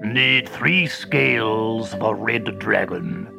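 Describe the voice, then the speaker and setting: A storybook narrator voicing a sick old male ogre doctor who growls his words slowly and gruffly. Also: medium pitch, over music, voice pushed down. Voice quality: gravelly growl. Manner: slow, gruff, clipped.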